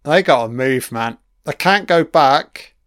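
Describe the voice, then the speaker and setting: A man's voice: a little high, expressive, takes it slowly, fairly bright tone, dry recording, studio quality. A man giving a crude, mocking running commentary on a film, swearing heavily as he reacts.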